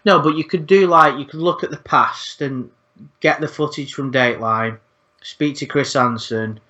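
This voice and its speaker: This channel host has a fairly high voice at normal speed, pushed and bright, captured in dull lo-fi sound. In a casual podcast chat he rambles, swears often, and repeats words.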